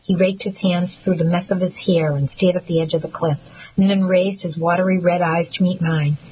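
A woman reading a first-person novel aloud in a measured, earnest and reflective way. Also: lowish voice, fairly even intonation, warm tone, slight background noise, poor audio. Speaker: audiobook narrator.

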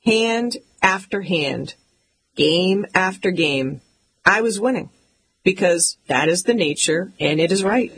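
A woman with a fairly low voice reads a humorous memoir aloud. She leans into every line with emphatic, mock-indignant delivery. A faint hiss sits under her voice. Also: lively intonation, takes it slowly, poor audio. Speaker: audiobook narrator. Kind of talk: scripted comic memoir narration.

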